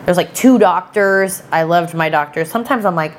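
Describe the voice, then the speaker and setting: A woman in her thirties, a podcast guest, telling a personal story in a chatty, animated way and acting out what people said. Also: fairly low pitch, moderate pace, slight background noise. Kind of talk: casual storytelling chat.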